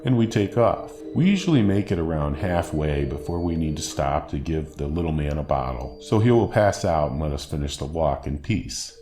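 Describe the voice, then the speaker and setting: A man narrating a true scary story from a script in a steady, wry storytelling manner. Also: rumbling low. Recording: echoey room with faint hiss.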